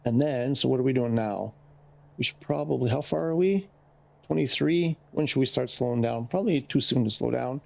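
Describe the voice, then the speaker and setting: Talking a little fast in a gravelly, slightly mellow mid-range voice, a man gives casual commentary while streaming a flight game. Slightly winded, he explains the radio steps in a chatty, meandering way through a headset mic.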